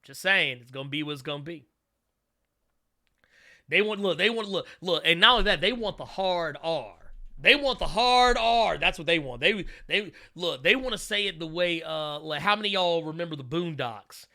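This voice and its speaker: A man hosting a live-stream, talking in casual, animated commentary with frequent laughs and restarts. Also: fairly high pitch, brisk. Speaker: host.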